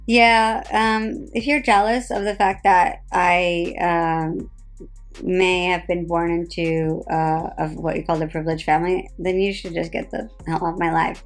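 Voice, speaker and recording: Tired rambling New Jersey woman. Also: lowish voice. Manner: rambling, heavy "like" fillers, sarcastic. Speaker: reality TV personality on a live stream. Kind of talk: casual live-stream chat.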